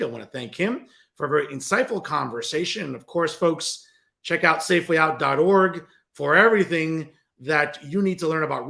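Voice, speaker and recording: A man's voice: on the high side, a bit bright. A man hosting a political commentary show, ranting in a combative, sarcastic way and addressing listeners as folks. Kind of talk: opinionated political commentary monologue.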